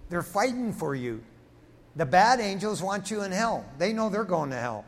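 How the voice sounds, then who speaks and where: A man preaches with animated energy, his voice sitting slightly high as he acts out voices from scripture. The sound carries a long reverb from a large church hall. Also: moderate pace. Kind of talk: sermon.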